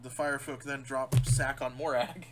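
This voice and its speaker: A man's voice: mid-range voice, flat delivery, heavy background noise. A man co-hosting a podcast, casually recapping a cartoon episode, swearing and mimicking characters' lines. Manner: swearing, recaps plot with quick mimicked quotes. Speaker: podcast co-host.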